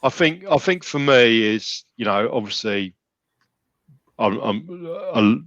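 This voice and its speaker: A man's voice: medium pitch, expressive, slow pace, a bit bright, dry recording, muffled recording. A man talking casually as a podcast guest, rambling with many restarts and fillers. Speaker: gym member guest.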